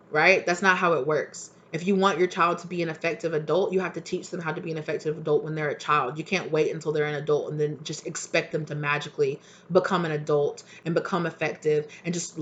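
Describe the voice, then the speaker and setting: A woman's voice: deep voice, lo-fi sound, slight background noise. A young adult woman, a tarot reader, talking casually to camera in a heated, passionate rant with swearing.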